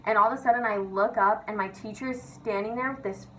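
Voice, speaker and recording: Young woman, vlogger, casual storytelling, giggly, swears a lot, "like" everywhere, average pitch, faint background hiss. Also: steady tone, fast talker, fairly bright tone, low-quality recording. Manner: giggly, profane, filler-heavy with constant "like".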